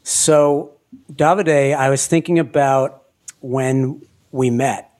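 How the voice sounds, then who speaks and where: A man hosting an interview podcast, talking in an animated way and laughing often. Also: medium pitch, slow pace. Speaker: podcast host. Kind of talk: conversational interview.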